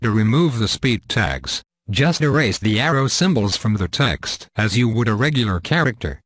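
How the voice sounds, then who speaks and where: A man reading a scripted software tutorial in a measured, step-by-step instructional manner. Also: lowish voice, big pitch swings, dry recording.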